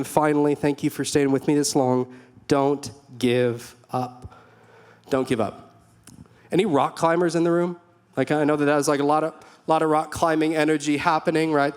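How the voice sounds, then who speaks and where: A man's voice: fairly high pitch, smooth. A young man preaching a sermon in a church hall, earnest and conversational, with storytelling asides. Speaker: pastor.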